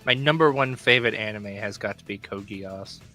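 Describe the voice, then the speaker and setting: A guest on a stream chatting casually, laughing often and speaking with enthusiasm, with quick restarts. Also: mid-range voice, sharp tone, faint music behind. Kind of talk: casual chat.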